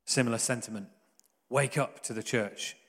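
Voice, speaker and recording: A man preaching in an earnest, conversational way, with jokey asides. His voice sits at an ordinary middle pitch. It rings with the long reverb of a church hall. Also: fairly even intonation, moderate pace, a bit bright. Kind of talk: sermon.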